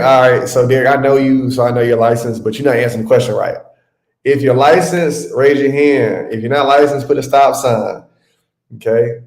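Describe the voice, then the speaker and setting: A man's voice: mid-range voice, darkish tone. A man hosting a live webinar as a mentor, chatting casually with viewers and calling them by name. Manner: chatty, addresses viewers by name, says y'all. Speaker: webinar host and adjusting mentor. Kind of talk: casual live-stream teaching. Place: home room. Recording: roomy live-stream audio.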